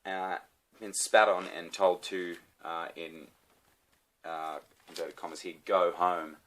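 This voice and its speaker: Australian male vlogger, very deep voice, loose sweary rambling rant. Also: level tone, takes it slowly, a bit bright. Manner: swearing, ranting, rambling with many fillers. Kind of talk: casual rant to camera.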